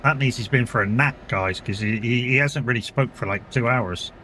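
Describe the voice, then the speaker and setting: A man's voice: mid-range voice, normal speed, pushed and bright, a little hiss or hum. A man streaming a driving game and chatting casually, rambling through stories and acting out the people he quotes. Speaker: gaming streamer. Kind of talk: casual live-stream chat while playing.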